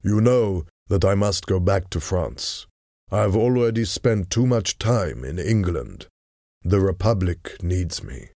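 A man doing a calm, firm young brother. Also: sits low, slow pace, dry recording, clean studio sound, heavily acted. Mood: firm reassuring. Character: steady, devoted young man, her brother.

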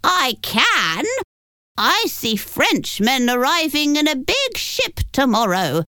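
A woman voicing a strange old witch who foretells the future, speaking slowly and softly. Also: sits high, wildly swooping pitch, no echo, voice pushed up, heavily acted. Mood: ominous. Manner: slow, soft, prophetic delivery.

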